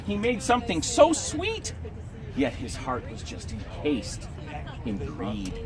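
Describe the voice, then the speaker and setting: A man telling an interactive folk tale to an audience at an outdoor event, animated and drawing listeners in. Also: medium pitch, slow pace, crowd noise. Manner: animated, teaching the audience gestures and sounds. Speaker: historical reenactor storyteller. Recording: outdoor street and traffic noise.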